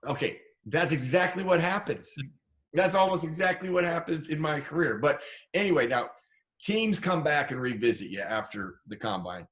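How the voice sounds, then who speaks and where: A man's voice: fairly high pitch, expressive, normal speed, fairly bright tone. A middle-aged man from Idaho, guesting on an interview show and spinning stories from his playing days. He talks casually and with animation, slipping into the voices of the people he quotes. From Idaho, USA. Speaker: guest, former football player.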